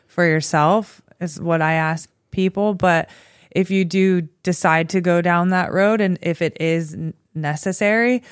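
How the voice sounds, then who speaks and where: Smooth, earnest prescriber voice. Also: mid-range voice, steady tone, unhurried, no echo, clean studio sound. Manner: explanatory, earnest. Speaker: medication prescriber. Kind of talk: casual conversation.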